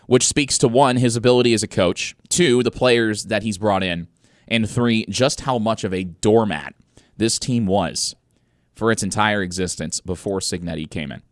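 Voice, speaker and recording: A young man hosting a college sports radio show, giving energetic, opinionated commentary with emphatic stresses. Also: lowish voice, moderate pace, dry recording, clean studio sound.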